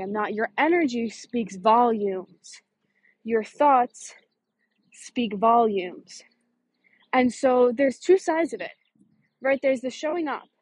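Husky higher-voiced woman coach, swears a lot, punchy and emphatic, dry room. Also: a little mellow, no room sound. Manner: fast, punchy delivery with sudden stresses. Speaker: business coach. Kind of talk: casual motivational monologue.

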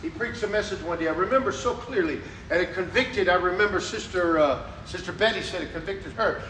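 A man preaching a sermon, animated, acting out prayers in a raised voice. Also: high voice, a little fast, slight background noise. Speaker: pastor. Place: church sanctuary. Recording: echoey room heard from a distance.

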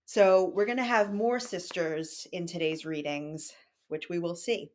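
A young woman hosting a book podcast, explaining a story and leading the chat in a relaxed way. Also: fairly low pitch, a little slow. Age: young adult. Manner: chatty, explanatory. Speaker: podcast host. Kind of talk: casual book discussion.

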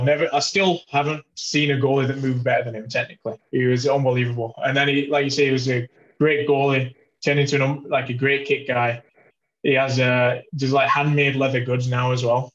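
A man's voice: medium pitch, muffled recording. A man from the UK, a hockey player guest chatting casually, often repeating words and restarting his sentences. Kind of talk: casual chat.

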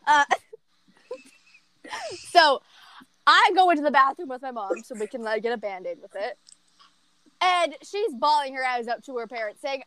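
High, lively woman telling a story. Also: moderate pace, long pauses, dry recording. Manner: animated, giggly, rambling storyteller. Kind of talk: casual storytime chat.

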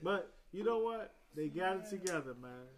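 A man's voice: high-pitched, crowd noise. A man in a casual sports chat, talking animatedly and swearing. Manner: animated, swears, quick agreement.

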